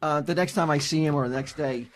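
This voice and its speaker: A man's voice: a little high, fast. A middle-aged man with a slightly raised voice hosts a casual podcast chat. He tells stories with animation and a loose, swearing manner. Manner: animated storyteller, acts out quoted texts, swears freely. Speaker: podcast host.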